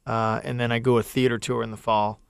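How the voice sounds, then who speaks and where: A man with a Canadian accent, a comedian guest on a radio show, telling animated stories and acting out quotes. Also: mid-range voice, brisk, gravelly, clean tone, dry recording, clean studio sound. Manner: animated storyteller, acts out quotes. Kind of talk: casual radio chat. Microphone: studio microphone.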